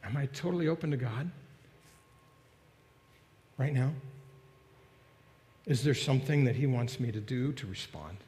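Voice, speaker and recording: A man preaching a sermon as pastor, telling a story with lively voiced quotes and closing in a soft prayer. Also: mid-range voice, a little slow, long pauses, in a large hall. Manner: storytelling, animated, then quiet prayer.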